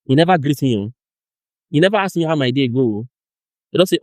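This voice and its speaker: Speaking fairly quickly in a fairly high voice, a young Nigerian man teaches informally about discipleship. He is animated, laughs, and performs chats in pidgin, all in a dry recording.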